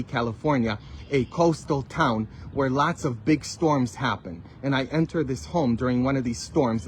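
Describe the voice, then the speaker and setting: A man, a Catholic priest, preaching a sermon with emphatic rhetorical questions and sudden loud bursts. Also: medium pitch, a little hiss or hum.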